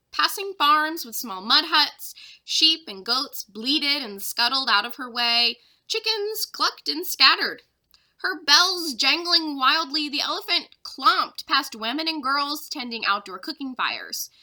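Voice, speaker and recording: Bright, expressive teacher reading aloud. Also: female voice, sits high, a little slow. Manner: expressive storyteller. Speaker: third-grade teacher. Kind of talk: reading a children's chapter book aloud.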